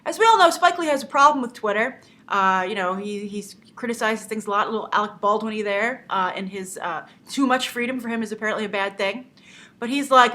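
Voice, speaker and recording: Bright, animated woman telling a story. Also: a little high, fairly quick. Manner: animated storyteller who acts out quotes. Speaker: movie news host. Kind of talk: casual news commentary.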